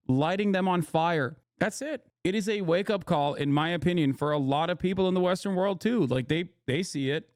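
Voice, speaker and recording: Man streaming, sarcastic and heated, fairly high voice, dry close sound. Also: smooth, no room sound. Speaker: streamer reacting to clips. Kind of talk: casual live-stream commentary.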